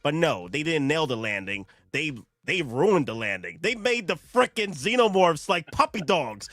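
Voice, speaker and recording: A man hosting a casual stream talks in a fairly high voice that swings wildly up and down. He gets worked up easily, often leaping into loud indignant rants. The sound is dry and close, with faint music underneath. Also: very animated, unhurried, no echo. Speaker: host. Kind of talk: casual livestream chat.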